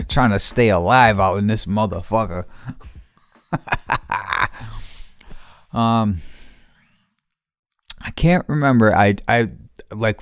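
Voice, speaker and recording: A man's voice: fairly low pitch, clear, resonant tone, no echo. A man hosting his podcast outdoors, rambling casually with lots of swearing and losing his train of thought. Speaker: podcast host. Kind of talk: casual solo podcast monologue.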